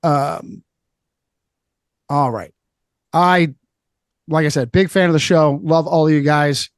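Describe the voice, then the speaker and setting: Man, podcast guest, high voice, preachy, repeats phrases, dry recording. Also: takes it slowly, dry recording. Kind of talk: opinionated casual chat.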